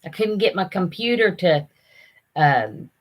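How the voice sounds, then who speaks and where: An older woman, chatting casually on a live stream, rambling and halting with lots of fillers. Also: on the low side, expressive. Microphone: computer camera mic.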